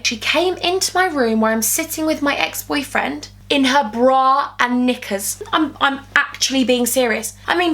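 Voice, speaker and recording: A young woman in her twenties with a sore throat, telling a gossipy storytime vlog from her bedroom and jumping into squeals when she quotes people. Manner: animated, gossipy, jumps to high squeals when quoting. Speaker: vlogger.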